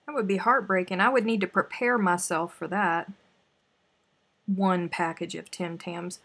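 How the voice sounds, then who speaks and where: Husky-voiced woman chatting on a livestream. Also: fairly low pitch, steady tone, unhurried, fairly bright tone. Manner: chatty and playful, reacting to viewer comments while snacking. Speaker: crochet livestream host. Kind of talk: casual livestream chat with viewers.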